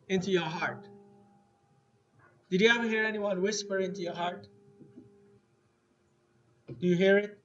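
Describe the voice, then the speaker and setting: A man's voice: high-pitched, fairly bright tone. A man teaching an Arabic lesson to a class, asking questions and having students repeat words after him. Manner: slow, asks students questions and has them repeat words. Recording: dull lo-fi classroom recording with faint noise.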